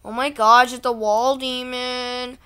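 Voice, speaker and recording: A woman's voice: fairly high pitch, flat delivery, sharp tone, clear, resonant tone. A woman hosting a casual vlog, reacting to things online in a ranting, exasperated way. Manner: ranting, easily exasperated, slow-talking. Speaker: channel host.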